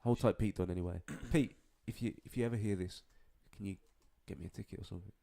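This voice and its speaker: Brief: young Birmingham man, lowish voice, loose sweary podcast banter. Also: fast talker, vocal fry, dark tone. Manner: swearing, slangy, laughing often. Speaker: podcast co-host. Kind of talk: casual chat.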